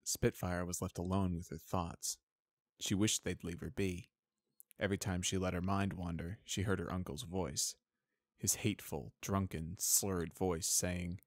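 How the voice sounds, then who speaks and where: A man narrates a story in an even, measured way. His voice is low. The recording is close and dry, with no room sound. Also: dry recording. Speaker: audiobook reader. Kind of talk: fan fiction narration.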